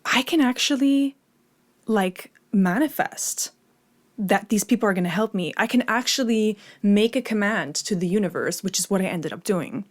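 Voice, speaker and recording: A woman's voice: mid-range voice, lively intonation, normal speed. A young woman vlogger talking about meditation and manifesting. She tells a story in a chatty, casual way, swears freely and fills her talk with "like" and "you know.".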